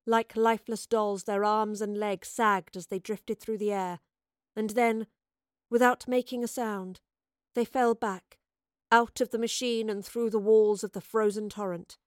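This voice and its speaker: A woman narrating an audiobook in an expressive, dramatic storytelling voice. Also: medium pitch, unhurried, no echo, studio quality.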